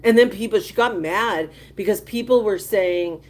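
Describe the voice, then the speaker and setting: A woman's voice: medium pitch, moderate pace, few pauses. A woman hosting a casual livestream, gossiping emphatically and reacting indignantly to viewer comments. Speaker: livestream host.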